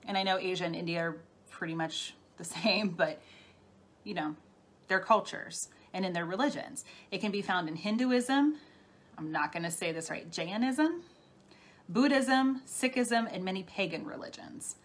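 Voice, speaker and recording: A middle-aged woman, a spiritual healer, talks casually on a live stream, chatty and laughing often as she answers viewer comments. Her lowish voice is expressive at a moderate pace, captured on a phone or webcam mic.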